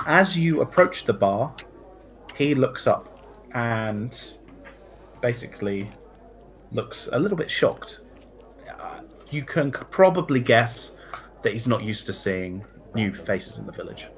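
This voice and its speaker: A man narrating a tabletop game as dungeon master, relaxed and descriptive with small fillers. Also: mid-range voice, measured pace, long pauses, rough recording.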